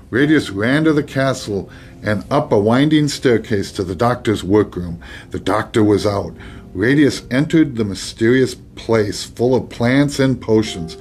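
A man's voice: mid-range voice, normal speed, darkish tone, soft background music. A man hosting a podcast, reading a children's storybook aloud with chatty, joking asides.

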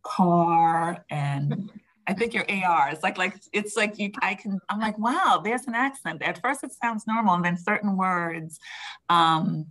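A woman's voice: fairly low pitch, normal speed, bright, forceful tone, low-quality recording. A woman from New York with a New York accent, answering interview questions as a school district leader in a conversational way, with frequent fillers.

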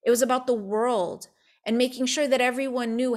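A woman telling a personal faith story in casual talk, acting out the quotes in quick, animated bursts. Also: a little high.

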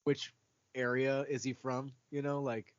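A man's voice: mid-range voice, level tone, unhurried, no room sound. Rambling man with a dry, muffled sound. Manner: rambling, many likes and restarts. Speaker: podcast co-host. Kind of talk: casual chat.

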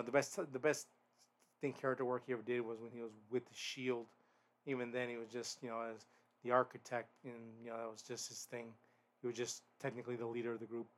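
Rambling man reviewing wrestling. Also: mid-range voice. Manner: rambling, frequent restarts and fillers; blunt, swears. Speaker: podcast host. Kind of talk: casual solo wrestling review.

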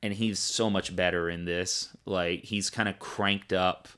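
A man's voice: sits low, fairly even intonation, measured pace, a bit bright, clear, resonant tone. A man co-hosting a casual podcast chat, talking enthusiastically and rambling with fillers. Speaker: podcast co-host reviewing a film.

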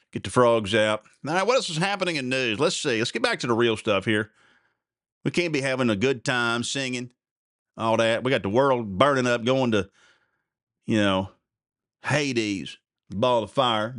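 A man's voice: mid-range voice, fairly bright tone, no echo, clean studio sound. A middle-aged man hosting a radio show in a rambling, folksy, chatty way with many restarts. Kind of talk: casual radio talk.

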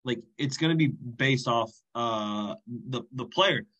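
A man co-hosting a podcast, working through his football points in a measured way. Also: medium pitch, a bit bright, dull audio. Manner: measured, reasoning, with restarts. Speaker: podcast co-host. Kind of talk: casual sports chat.

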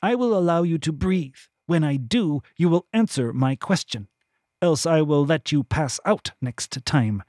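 A cold, commanding priestess interrogates her captive with clipped, icy orders, as a man narrating a fantasy audiobook puts on her voice. The voice sits noticeably higher than his own, and the recording is close and dry. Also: animated, unhurried, a little mellow, dry recording.

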